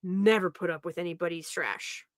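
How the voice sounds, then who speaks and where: A woman's voice: on the low side, steady tone, moderate pace, dry recording, clean studio sound. A young woman telling a family story in a casual, rambling way, often laughing as she talks. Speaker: podcast host.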